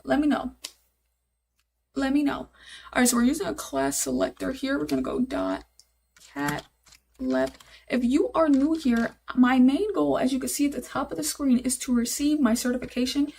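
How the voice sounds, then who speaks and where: A woman's voice: high voice, lively intonation, normal speed, gravelly, mellow, husky. A young woman live-streaming while she codes, thinking aloud, repeating herself, and talking to her chat in casual, easily exasperated chatter.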